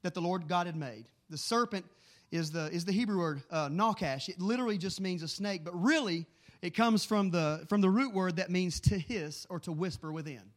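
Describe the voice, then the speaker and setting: A middle-aged man preaching a sermon, telling animated stories in a quick, excitable way. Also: high voice. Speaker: pastor.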